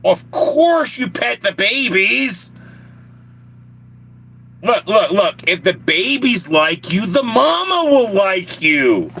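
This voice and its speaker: A man's voice: high voice, sing-song, takes it slowly, gravelly, sharp tone, breathy edge. A man with a Southern US accent chatting casually on a live stream, joking and laughing often as he rambles to his viewers.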